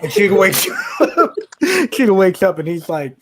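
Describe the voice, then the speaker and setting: A man co-hosting a podcast, telling a story in casual chat, animated and profane, laughing and acting out his friends' lines. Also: sits high, normal speed, background noise. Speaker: podcast co-host.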